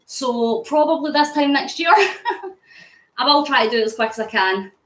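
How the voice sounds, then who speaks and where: High-voiced Scottish woman chatting on a live stream. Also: animated, a little slow, fairly bright tone, echoey room, poor audio. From Scotland. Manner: chatty, answers comments aloud with frequent laughs; talking while cycling. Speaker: fundraising vlogger. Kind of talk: live stream chat reading viewer comments.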